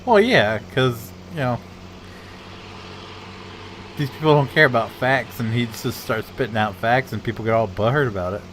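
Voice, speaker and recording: A male gaming host in loose, casual chat, his pitch swinging widely as he laughs and retells clips. He swears freely and talks at a middling pitch, with a faint hum of noise under his voice. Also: expressive, normal speed, long pauses, fairly bright tone. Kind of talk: casual chat while streaming a farming game.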